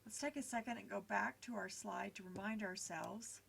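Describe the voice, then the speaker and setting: A woman's voice: medium pitch, moderate pace, gravelly, a bit bright, slight background noise. Patient woman teaching over lecture slides. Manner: patient, explanatory, with frequent fillers.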